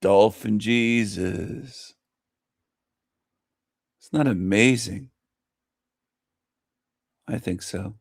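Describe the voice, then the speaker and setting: A man's voice: fairly low pitch, drawn-out words, gravelly, pauses often, dry recording, studio quality. A man hosting a casual livestream, repeating phrases in a gleeful, mocking way. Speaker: livestream host.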